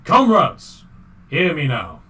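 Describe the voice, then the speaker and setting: A man's voice: on the high side, expressive, slow pace, pushed and bright, distant mic, exaggerated voice. A man doing a bombastic revolutionary reindeer with a mock Russian accent. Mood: rousing. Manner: bombastic, rousing speech. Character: sinister revolutionary male reindeer leader.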